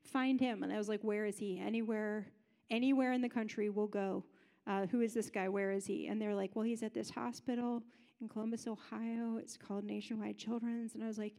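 A woman's voice: medium pitch, flat delivery, brisk, creaky, mellow, long reverb tail. A woman telling a personal story in a sermon, in a conversational way, acting out what other people said. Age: adult parent.

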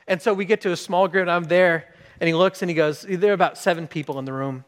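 A man's voice: high-pitched, quick pace, in a large hall. A man who is a pastor, preaching a sermon and telling a story, acting out the voices of the people in it. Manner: animated, acts out quoted dialogue.

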